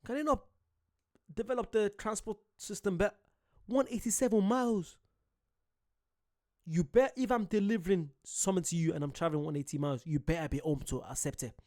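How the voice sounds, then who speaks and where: A young man who grew up in Ireland gives casual, excitable reaction commentary, swearing and laughing at himself. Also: sits high, a little fast. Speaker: reaction video host.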